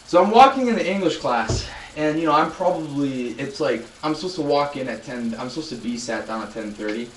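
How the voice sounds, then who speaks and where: A man's voice: medium pitch, animated, a little fast, few pauses, a little hiss or hum. Rambling twenty-something man, echoey distant sound. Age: 20s. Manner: rambling storyteller, many restarts, talking to chat. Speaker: live streamer. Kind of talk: casual live-stream chat. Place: loud room.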